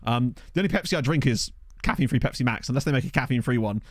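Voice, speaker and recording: Talking rapid-fire at a medium pitch with lively intonation, a man chats casually with his live-stream viewers, answering their messages playfully and talkatively. He uses a desk condenser mic, and the studio-quality audio has no echo.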